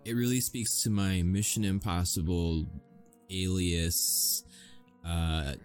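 A man's voice: low-pitched, fairly even intonation, takes it slowly, soft background music. An American man who makes audio roleplays, chatting casually and rambling to his listeners, swearing and chuckling often.

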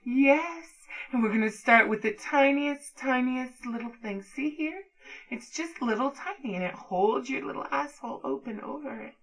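A woman's voice: high-pitched, expressive, normal speed, a bit bright, rough recording. A woman performing an adult audio role-play in a commanding, taunting manner.

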